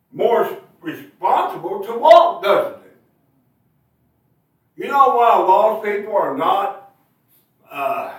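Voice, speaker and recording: A male preacher with a high, animated voice gives a sermon, throwing rhetorical tag questions at his listeners and driving points home in emphatic bursts. He's far from the mic, and the church echoes heavily around him.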